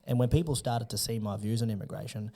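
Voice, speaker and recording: A man's voice: mid-range voice, quick pace, warm tone. An outspoken man talking as a podcast guest, blunt and swearing freely in casual conversation. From Australia.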